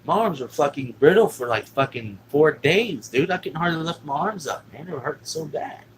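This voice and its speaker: A man's voice: fairly high pitch, expressive, moderate pace, slight background noise, poor audio. A man telling a long personal story in a casual, rambling way, swearing constantly and leaning on fillers. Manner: rambling and heavily profane, with lots of fillers. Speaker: vlogger.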